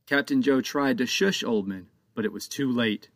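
A man's voice: medium pitch, normal speed, a bit bright, no echo, studio quality. A man reading his own children's book aloud as an audiobook narrator.

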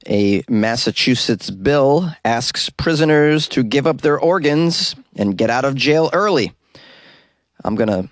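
A man's voice: medium pitch, no room sound. Sarcastic man riffing on news stories. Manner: sarcastic, wry asides. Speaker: news commentary host. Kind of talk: reading news with joking asides.

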